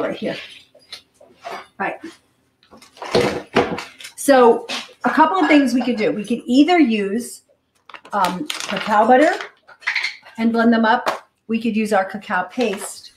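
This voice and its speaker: A woman hosting a live cooking demonstration in a home kitchen, chatty and hurried, thinking out loud as she works. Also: a little high, background noise. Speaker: cooking show host. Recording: roomy kitchen with clattering dishes.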